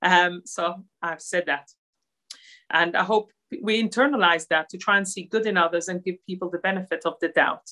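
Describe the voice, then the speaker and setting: A woman who grew up in Israel, giving an earnest talk over slides at a Holocaust centre, with many pauses and fillers. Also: fairly low pitch, fairly even intonation, bright, forceful tone.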